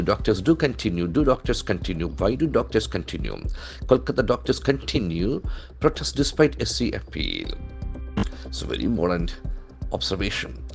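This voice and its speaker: A man with a lowish voice and noticeable vocal fry teaches English vocabulary taken from the newspaper. As a language trainer, he spells each word letter by letter and methodically explains how it's said and what it means.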